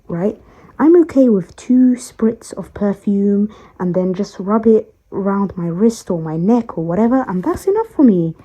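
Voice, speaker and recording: A tired woman venting to the camera about her workplace, frustrated and pausing to collect herself. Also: medium pitch, dark tone, breathy edge. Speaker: storytime vlogger. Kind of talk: emotional personal vent.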